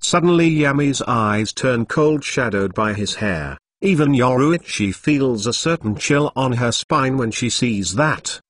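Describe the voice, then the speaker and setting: A synthetic male voice reading a fan story aloud in a flat manner, sometimes speaking punctuation as words. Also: mid-range voice, a little slow, few pauses, no echo. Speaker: narrator. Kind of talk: text-to-speech story reading.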